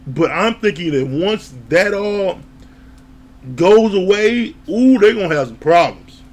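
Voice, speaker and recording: A man's voice: high voice, expressive, measured pace. Chatty man recapping a TV episode. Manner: rambling and chatty, with frequent laughs. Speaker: TV show reviewer.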